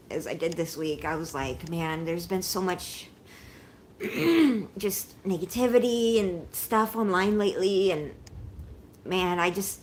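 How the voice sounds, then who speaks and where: A woman's voice: lowish voice, a little hiss or hum. Shaky woman in her forties, livestreaming. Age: 40s. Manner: emotional, rambling, thanks viewers often. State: shaky and unwell. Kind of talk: casual livestream chat.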